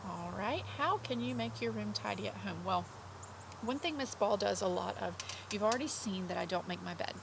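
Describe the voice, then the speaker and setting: A young woman teaching vocabulary to kindergarteners from home, slow and clear with a sing-song, drawn-out delivery. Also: medium pitch, lively intonation, noisy background. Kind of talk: remote vocabulary lesson for young children.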